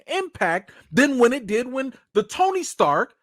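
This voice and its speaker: A man's voice: extremely high pitch, sing-song, unhurried, a bit bright, no echo, clean studio sound. A man giving casual live-stream commentary, emphatic and slangy, firing off rhetorical questions.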